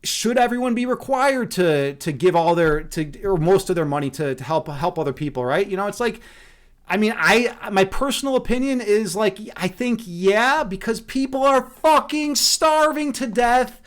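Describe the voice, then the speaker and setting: A man's voice: sits high, normal speed. A man chatting casually on a livestream, rambling and profane, laughing often. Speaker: streamer.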